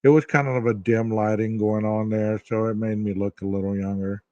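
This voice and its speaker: A man's voice: on the low side, little pitch movement, a little mellow, highs cut off. Chatty, teasing man co-hosting. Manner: chatty, teasing, quick to laugh. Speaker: podcast co-host. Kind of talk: casual true-crime discussion.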